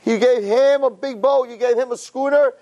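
A man voicing a loyal young son who is hurt and bewildered, in a high plaintive tone. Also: steady tone, normal speed, dark tone, dull audio.

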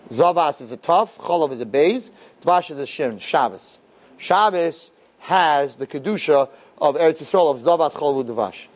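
A middle-aged man giving an animated Torah lecture to an audience, acting out quotes in funny voices. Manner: expressive, acts out quotes with big pitch jumps. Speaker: Torah teacher.

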